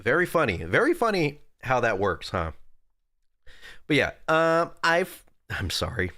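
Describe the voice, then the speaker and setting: A young man chatting casually on a live stream, rambling and joking with his viewers. His pitch swoops up and down constantly, and the sound is dry and close. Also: big pitch swings, a little slow, pauses often, bright, forceful tone, dry recording. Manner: rambling, jokey, talks to chat. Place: at a desk indoors.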